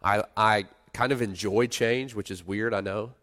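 A middle-aged man preaching a sermon in a conversational way, rising to loud emphasis and dropping to quiet asides. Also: fairly low pitch, steady tone, unhurried. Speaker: pastor.

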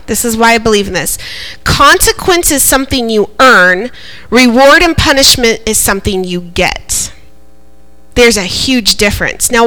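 A woman preaches a sermon, her voice bright and sitting a little high. She is animated and laughs often. She keeps asking the congregation to answer her back. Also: poor audio. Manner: animated, laughing often, calls for audience responses.

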